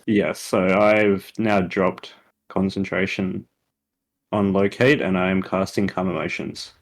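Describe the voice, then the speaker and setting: A man playing a tabletop game who declares his character's spells and actions in a relaxed, matter-of-fact way. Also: low-pitched, measured pace. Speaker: player.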